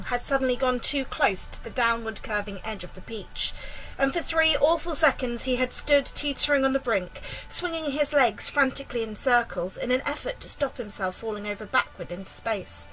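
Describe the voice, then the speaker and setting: A woman reading a children's book aloud, lively and expressive, getting louder and higher for the characters' lines. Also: low-quality recording. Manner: lively, raising pitch and volume for dialogue. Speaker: storybook reader.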